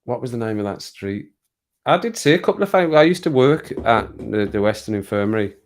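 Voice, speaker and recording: A man with an English Midlands accent rambles casually on a live stream, chuckling and making fun of himself. His mid-range voice is expressive and fairly quick.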